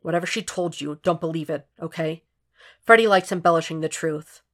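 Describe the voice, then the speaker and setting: A woman voicing a tired, defensive man who has been drinking, talking quietly in an audiobook. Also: low-pitched, a little fast. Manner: quiet and subdued.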